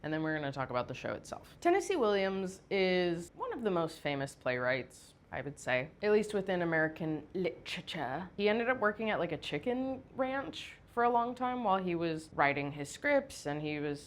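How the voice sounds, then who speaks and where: A woman hosting a casual theater history talk, chatty and loose, often using "like". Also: fairly low pitch. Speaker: host.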